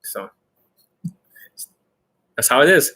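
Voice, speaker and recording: A dating coach hosts an unscripted Q&A, speaking slowly in a sharp-toned male voice. His manner is blunt, aggressive and profane.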